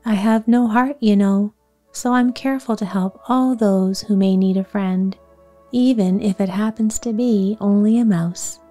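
A woman voicing a kind, polite male tin man in a soft, hushed bedtime storybook reading. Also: medium pitch, steady tone, unhurried, soft background music, lightly acted.

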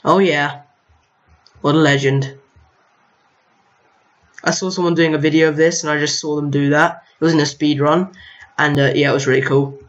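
A man's voice: fairly high pitch, fairly even intonation, moderate pace, pauses often. A young man casually commenting on his own gameplay, chatting to enemies on screen with mild exasperation. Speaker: gaming video host. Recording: lo-fi home mic.

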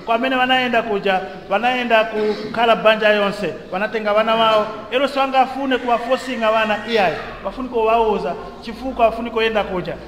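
A man interpreting a sermon in quick bursts, often restarting as he searches for words. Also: high voice, steady tone, a bit bright, reverberant, in a large hall, a little hiss or hum, rough recording.

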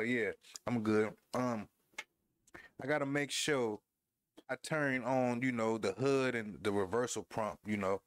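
A gamer casually commentates on his wrestling game while playing, trash-talking his opponent, laughing and talking to his viewers. His medium-pitched voice is captured on a headphone headset with no room sound.

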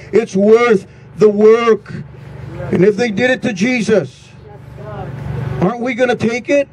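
A man's voice: high-pitched, darkish tone, slight background noise, low-quality recording. A grieving man, a pastor, giving an earnest prayer vigil address with a repetitive preaching cadence.

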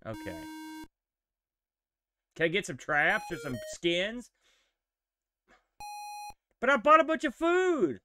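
Animated high-voiced man streaming games. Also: slow, pauses often. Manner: animated, exclaiming and joking at the game. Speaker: streamer playing retro games. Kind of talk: casual live-stream commentary.

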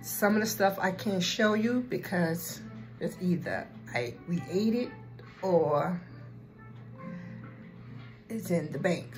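Woman, casual vlogger, slow earnest delivery, lowish voice, faint music behind. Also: animated, poor audio. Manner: slow and heartfelt, with filler ums. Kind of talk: casual chat.

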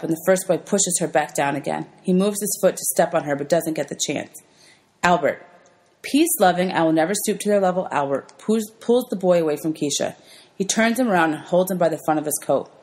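Woman, teacher, low voice, gentle storybook read-aloud, clear and steady. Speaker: teacher reading aloud to students. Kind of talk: children's novel read-aloud.

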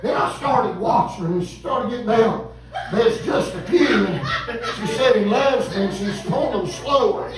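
Man in his fifties, revival preacher, high voice, echoey church from a distance. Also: moderate pace, crowd noise. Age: 50s. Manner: folksy, animated, calls out to congregation. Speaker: visiting preacher. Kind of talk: revival sermon storytelling. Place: church sanctuary.

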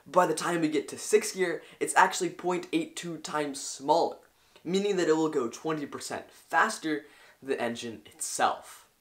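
A man's voice: a little high, normal speed, a bit bright. A young man hosting a science video, explaining in an eager, enthusiastic way. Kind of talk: educational explainer.

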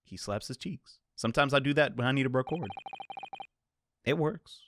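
A young man casually commenting on a video game, animated and jokey, breaking into loud reactions. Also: medium pitch, moderate pace, noisy background. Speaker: YouTube gamer. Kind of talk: let's play commentary.

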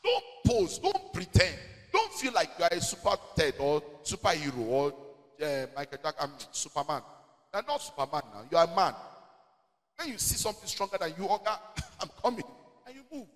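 A man's voice: a little high, huge pitch swings, fairly quick, fairly bright tone, big-room sound. A man with a Nigerian accent, preaching as a pastor in a church question-and-answer session, emphatic with Pidgin asides. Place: church hall.

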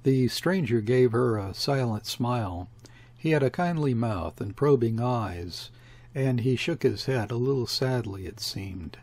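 A man reading a classic novel aloud as an audiobook narrator, in a measured, steady delivery. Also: mid-range voice. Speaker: audiobook reader. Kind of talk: scripted narration.

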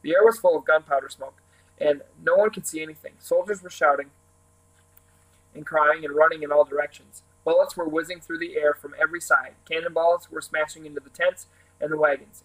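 A man reading a children's storybook aloud in a steady, animated storytelling manner. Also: on the high side, a little fast, poor audio. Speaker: reader.

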